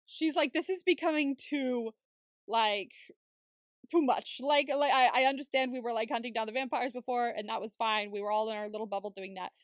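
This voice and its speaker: High-pitched woman podcast co-host, animated and sweary, dry close sound. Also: brisk, no echo. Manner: animated, swears freely, acts out characters. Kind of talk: casual recap chat.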